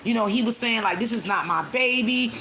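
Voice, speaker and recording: A woman hosting a casual live stream, retelling a story to her viewers in a chatty way with many pauses and fillers. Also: on the high side, gravelly, bright, forceful tone, soft background music.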